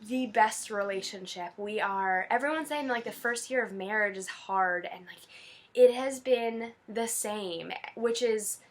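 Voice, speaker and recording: Speaking at medium pitch and a measured pace, a twenty-something vlogger talks casually to the camera. She's teary-eyed and emotional, gushing and using plenty of fillers.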